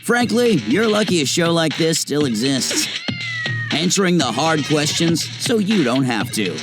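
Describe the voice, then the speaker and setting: A man's voice: on the high side, big pitch swings, a little slow. A man voicing a smug business-show promo announcer. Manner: smug, pompous. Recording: voice over music.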